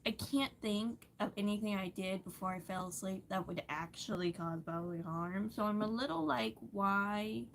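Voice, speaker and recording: A young adult woman vents to camera in a loose, rambling monologue, swearing freely. Her voice sits in a middle pitch, and a faint background hum runs under the talk. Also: moderate pace, vocal fry, hardly any pauses, poor audio. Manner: profane, rambling, exasperated. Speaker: vlogger. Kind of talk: casual ranting monologue.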